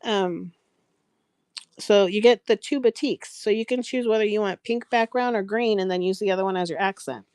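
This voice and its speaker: A woman's voice: mid-range voice, moderate pace, darkish tone, clear, resonant tone, no echo. A woman hosting a live craft sales stream, chatting casually, rambling and laughing often as she greets viewers by name. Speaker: craft seller and live show host.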